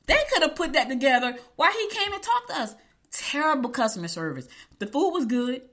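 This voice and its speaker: Animated woman telling a story. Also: high-pitched, fairly quick. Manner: animated, emphatic, acts out quotes. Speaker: vlogger. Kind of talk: casual storytelling to viewers.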